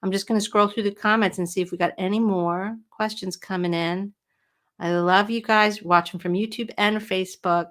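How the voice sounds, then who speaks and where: On a home livestream, a middle-aged writing coach chats energetically and responds to questions from her audience. She has a mid-range voice, and the sound comes through a webcam or computer microphone.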